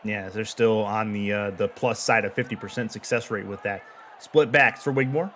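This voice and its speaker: Excited male play-by-play commentator. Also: on the low side, moderate pace, slight background noise. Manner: calm play calling that jumps to excited shouting on big plays. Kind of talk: live sports play-by-play.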